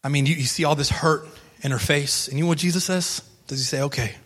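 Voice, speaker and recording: A male pastor delivers a sermon in a casual, storytelling tone, driving points home through repetition. His voice sits high for a man. The sound rings with a long reverb, as from a large hall. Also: steady tone, quick pace, a bit bright. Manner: conversational storytelling, emphatic repetition.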